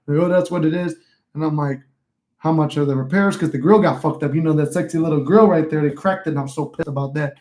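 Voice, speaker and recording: A man in his twenties with a fairly high, somewhat mellow voice speaks at a quick pace while hosting a casual livestream. He tells rambling, profane stories and reads his viewers' comments aloud.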